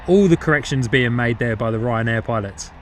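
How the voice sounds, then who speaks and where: A man's voice: medium pitch, a little fast, noisy background. A man with a New Zealand-tinged English accent, casually commentating live outdoors beside an airport and chatting with viewers, often repeating his own phrases. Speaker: plane-spotting livestream host.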